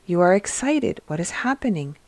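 A woman's voice: on the low side, very animated, normal speed, a little mellow, no room sound. A woman voicing a sick, poor, bedridden shepherd man in a read-aloud story, speaking plaintively. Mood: eager.

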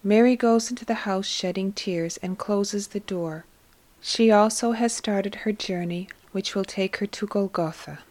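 A woman narrates a devotional story at a mid pitch. Her reading is slow, soft and reverent, with a hushed touch. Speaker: reader of devotional text. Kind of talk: scripted narration.

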